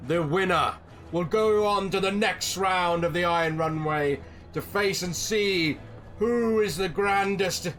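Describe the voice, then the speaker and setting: A man voicing an old bearded gnome announcer who makes grand, drawn-out proclamations to a crowd. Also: sits high, a bit bright, faint music behind, voice pushed up. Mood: grandiose.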